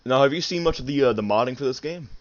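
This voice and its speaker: A nineteen-year-old man hosting a live stream, talking easily with halting fillers. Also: medium pitch, highs cut off. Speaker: streamer host. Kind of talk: casual live-stream chat.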